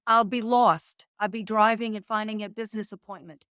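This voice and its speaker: A woman guest on a faith and business podcast who speaks in an earnest, measured, motivational way and slows down to stress key words. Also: medium pitch, fairly even intonation, fairly bright tone, clean tone, dry recording, clean studio sound. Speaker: guest entrepreneur. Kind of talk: faith-based business interview.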